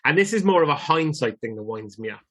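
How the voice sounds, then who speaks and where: A man's voice: fairly high pitch, big pitch swings, quick pace, fairly bright tone. A man co-hosting a podcast, rambling casually about films and what irks him. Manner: rambling, easily irked. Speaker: podcast co-host. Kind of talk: casual film chat.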